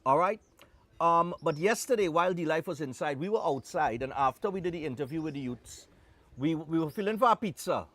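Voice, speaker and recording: A Trinidadian man hosts a live morning show, talking in a chatty, joking way. His voice sits fairly high for a man. He slips into loose Caribbean phrasing as he goes. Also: lively intonation, brisk, a bit bright. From Trinidad and Tobago. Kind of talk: casual on-air chat.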